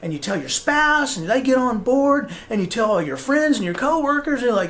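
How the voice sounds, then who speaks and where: A man's voice: very high-pitched, brisk. A man hosting a podcast, giving a motivational talk and acting out the voices he quotes. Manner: animated, acts out quoted voices. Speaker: podcast host.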